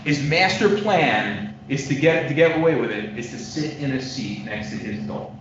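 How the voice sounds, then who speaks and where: A male defense attorney delivering a closing argument to a jury, emphatic and repetitive, swinging between loud stresses and quiet asides. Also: medium pitch, expressive, moderate pace. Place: large courtroom. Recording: distant, echoey courtroom audio, dull lo-fi with noise.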